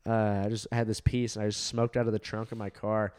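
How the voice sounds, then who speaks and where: A man's voice: lowish voice, flat delivery, a little fast, darkish tone, a little hiss or hum. A young man from Southern California, a comedian, telling a long story in casual chat, rambling with lots of fillers, laughs and swearing. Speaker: comedian podcast co-host.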